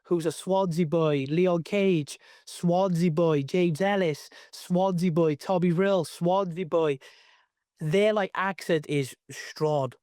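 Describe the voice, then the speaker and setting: High, clear-voiced Cardiff Welsh man. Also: takes it slowly, darkish tone, dry recording, studio quality. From Wales. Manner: rambling, lots of fillers and restarts. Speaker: professional wrestler, guest. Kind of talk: casual interview chat.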